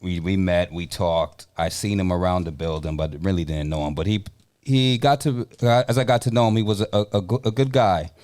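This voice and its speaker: A man's voice: sits low, brisk, darkish tone. A man in a casual discussion, telling a story from work in a hesitant way with fillers.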